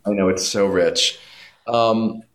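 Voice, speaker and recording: Very low-voiced man telling stories. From New York. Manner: animated storytelling, heavy swearing, quick asides. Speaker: guest. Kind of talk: casual chat.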